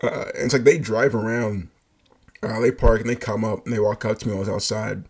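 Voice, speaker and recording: A man with a husky voice recounts a work story in casual, animated speech. He swears freely and breaks into laughter throughout. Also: fairly low pitch, brisk. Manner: animated, profane, laughing asides. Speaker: fast-food shift lead.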